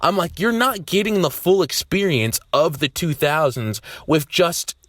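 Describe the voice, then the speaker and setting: A young man talking to camera in a loose, rambling way, swearing freely and breaking into loud outbursts. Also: fairly high pitch, a little slow, no room sound, studio quality. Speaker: vlogger. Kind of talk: casual rambling monologue.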